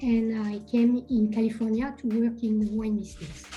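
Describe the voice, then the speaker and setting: A woman's voice: fairly high pitch, level tone, moderate pace, warm tone, muffled recording, soft background music. A woman from France with a French accent, a winemaker presenting at a virtual wine tasting over a video call, speaking carefully with frequent ums.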